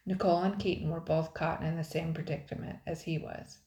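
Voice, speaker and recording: An older woman with a notably low voice reads a children's storybook aloud, measured and expressive. Her voice carries a roomy echo around it. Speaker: storybook reader. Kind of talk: children's audiobook narration.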